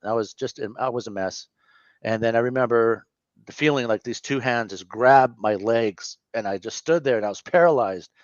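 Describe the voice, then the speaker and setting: A man in his fifties, a guest telling a personal story in an interview, earnest and candid, with halting speech and frequent self-corrections. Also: medium pitch, no room sound, lo-fi sound. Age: 50s.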